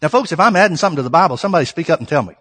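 A man preaching a sermon, reading scripture slowly and pressing his points with rhetorical questions to the congregation. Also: a little high, lively intonation, fairly bright tone, in a large hall. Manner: reads scripture slowly and deliberately.

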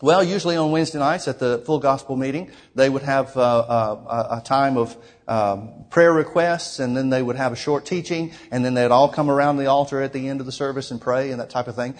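A man's voice: mid-range voice, fairly quick, hardly any pauses. A man preaching, retelling a story in a sermon with many quoted lines and frequent restarts.

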